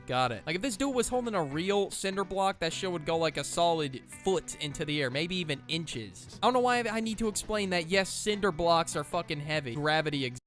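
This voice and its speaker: A man's voice: on the high side, fairly bright tone. A young man hosting a reaction video, mocking clips with sarcastic, profane casual commentary.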